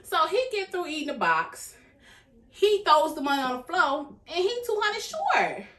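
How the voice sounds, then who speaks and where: A young adult woman hosting a reaction video, recapping an episode in casual, animated storytelling and acting out the characters' lines. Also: very high-pitched, unhurried. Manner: animated storytelling, acts out characters' lines, calls viewers "baby". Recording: echoey room, faint background noise.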